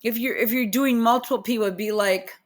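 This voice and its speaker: A woman's voice: fairly high pitch, a little fast. A woman reading posts aloud and picking apart their grammar in an exasperated, incredulous casual rant. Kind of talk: casual ranting commentary.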